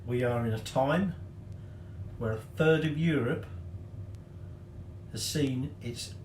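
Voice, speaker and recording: A man of middle pitch hosts a cooking tutorial in a chatty way. He drops joking, self-mocking asides between steps. His voice bounces around a roomy kitchen. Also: takes it slowly, darkish tone, slight background noise. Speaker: cooking show host.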